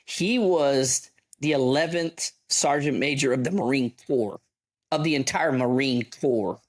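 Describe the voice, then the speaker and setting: A middle-aged man, an army veteran telling a story as a podcast guest in an animated, profane way. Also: mid-range voice, measured pace. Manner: animated, profane yarn-spinner. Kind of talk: casual storytelling.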